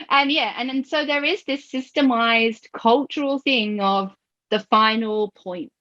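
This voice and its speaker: A woman hosting a podcast, telling stories with lively acted-out quotes and frequent laughter. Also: fairly high pitch, slow. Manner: animated storyteller who acts out quoted voices and laughs often. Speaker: podcast host. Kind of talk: conversational podcast discussion. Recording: dull lo-fi audio.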